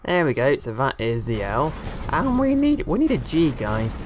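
A man giving casual, excitable let's-play commentary with a joking tone, often addressing viewers as guys. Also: mid-range voice, moderate pace, slight background noise. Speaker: gameplay commentator.

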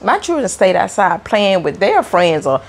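A woman's voice: mid-range voice, very animated, moderate pace. A woman, chatting to her viewers from her apartment in a rambling way, often repeating her words. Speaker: vlogger. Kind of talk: casual rambling chat to viewers.

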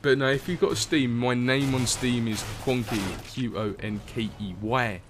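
A young man talks over his own gameplay, rambling from one story to the next and swearing freely. His voice sits at an ordinary middle pitch. Faint gunfire from the game runs under his talk. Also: fairly even intonation, moderate pace, background noise. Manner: rambling, swears often, laughs at own stories. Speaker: gaming commentator. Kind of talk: casual gameplay commentary.

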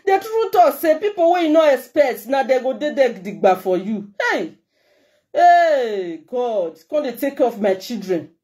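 Nigerian lady vlogging straight to camera, heartfelt and pleading, warm mellow voice sitting a bit high. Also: very animated, normal speed. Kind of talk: emotional direct-to-camera message.

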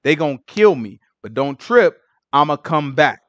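A man voicing a calm male teacher who explains his coming death in laid-back, matter-of-fact slang. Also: on the high side, moderate pace, no echo, lo-fi sound, pitched below the performer's own voice.

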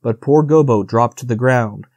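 A man narrating an audiobook in a measured, steady reading. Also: medium pitch, no room sound.

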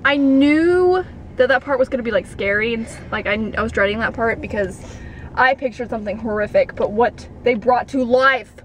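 Young woman vlogger, bright-pitched, gushing fan chatter, faint hiss behind. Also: normal speed, rough recording. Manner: gushing, bursts into loud acted quotes. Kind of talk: excited casual chat. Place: parked car.

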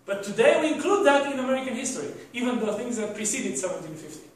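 High-voiced man lecturing in an echoey hall. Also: big pitch swings, fast, distant mic. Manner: rambling, self-correcting, rhetorical questions. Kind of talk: university lecture.

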